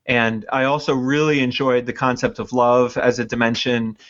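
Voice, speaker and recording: A man's voice: mid-range voice, flat delivery, normal speed, fairly bright tone. Reflective man, dull lo-fi sound. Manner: reflective, searching for words. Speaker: podcast co-host. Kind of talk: casual movie review chat.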